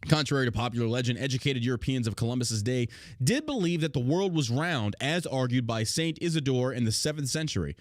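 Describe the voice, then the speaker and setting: A man's voice: mid-range voice, animated, a little fast, no echo, studio quality. A man hosting a podcast, swearing often and mocking as he reads out history and rants. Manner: crude, mocking, swears a lot. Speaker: podcast host. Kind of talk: casual podcast rant, reading aloud.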